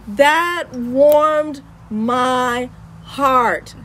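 A woman's voice: sits high, very slow, a bit bright, slight background noise. A woman with an East Texas Southern accent hosting Christian radio, talking in an exuberant, preachy way and repeating her phrases. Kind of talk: lively radio chat.

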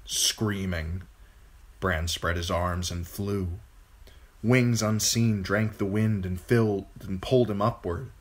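A man reading a fantasy novel aloud as an amateur narrator, with expressive, dramatic storytelling. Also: sits low, slow pace. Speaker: hobby audiobook reader.

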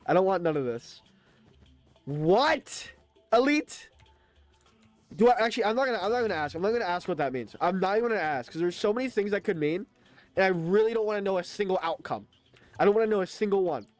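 A man streaming a video game live, talking to his chat in a chatty, excitable way. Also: high voice, racing, dry recording, soft background music. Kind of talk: live gaming stream commentary.

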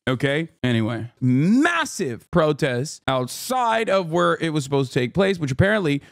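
A man's voice: a little high, very animated, normal speed, creaky, no room sound. A man hosting a live stream, talking bluntly and sarcastically in casual commentary, swearing often. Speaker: streamer host.

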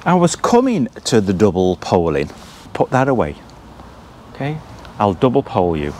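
A man's voice: fairly low pitch, huge pitch swings, moderate pace, a little mellow, a little hiss or hum. A man casually reviewing a tent outdoors in a chatty, detailed, self-deprecating way. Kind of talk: casual gear review vlog.

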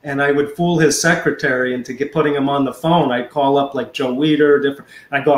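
A man in his fifties, a podcast guest, telling stories in an animated way and acting out quotes. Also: mid-range voice, brisk, few pauses, reverberant. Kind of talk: anecdotal storytelling.

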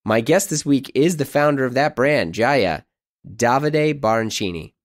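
A man's voice: mid-range voice, animated, unhurried, no echo, clean studio sound. A man hosting a podcast, introducing his guest and chatting in an easygoing, riffing way. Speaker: podcast host. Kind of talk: podcast interview.

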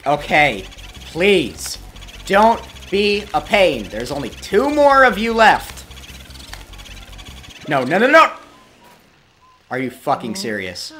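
A man narrating his gameplay in a casual, running commentary, quick to curse and plead when things go wrong. His pitch is lively and leaps around between calm remarks and sudden outbursts. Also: slight background noise. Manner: easily frustrated, swears and pleads at the game. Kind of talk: let's play commentary.

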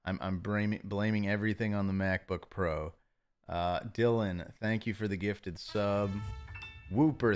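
Man, somewhat low voice, casual live-stream chat, stumbling restarts, self-deprecating, thanking viewers one by one. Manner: stammering, self-deprecating, reads chat messages aloud. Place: home office.

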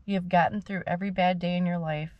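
A woman and mother talking to the camera in a casual personal video diary, soft-spoken and rambling. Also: lowish voice, fairly even intonation, fast, no room sound, highs cut off. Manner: rambling, soft-spoken, fighting tears at times. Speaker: vlogger and mother.

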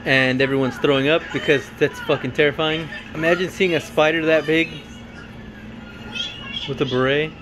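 A man's voice: a little high, fairly even intonation, normal speed, noisy background. A man giving rambling, profane, joking commentary on a film while carving pumpkins at home. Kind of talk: casual chat.

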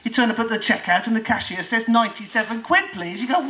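A woman performing a comic spoken word monologue at a live venue, with animated, self-mocking exaggeration. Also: on the high side, rapid-fire, a little hiss or hum, poor audio.

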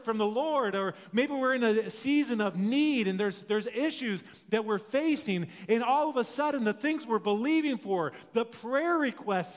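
High-voiced male pastor in a reverberant hall. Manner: storytelling, often restarts and corrects himself. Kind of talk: conversational sermon. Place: church sanctuary. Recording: long reverb of a church hall.

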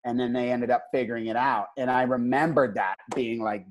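Man, podcast guest, relaxed, casual chat, laughs along, mid pitch. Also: a little fast, a little hiss or hum. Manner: relaxed, laughs along, retells past talks.

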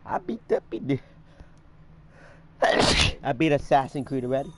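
Excitable young man, lively swearing gamer. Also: mid-range voice, a little slow. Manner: excitable, cursing, swings between yelling and muttering. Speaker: gaming channel host. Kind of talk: casual gameplay chat.

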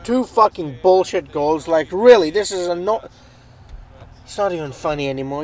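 A man commentating his own football video game, excitable and swearing often, shouting at plays. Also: high voice, normal speed, low-quality recording. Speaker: gaming channel host.

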